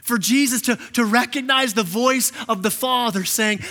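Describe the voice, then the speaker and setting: A man preaching a sermon as pastor, impassioned, often repeating words and acting out quotes in a softer voice. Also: extremely high pitch, normal speed. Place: church sanctuary. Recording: long reverb of a church hall.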